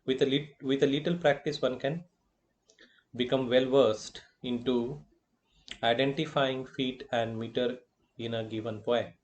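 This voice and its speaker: A man with an Indian English accent lectures in an unhurried, measured way. His pitch sits in a middle range, and he circles back over each term with filler phrases as he explains. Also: steady tone. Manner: slow and deliberate, repeating terms with filler phrases. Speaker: college lecturer. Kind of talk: recorded classroom lecture.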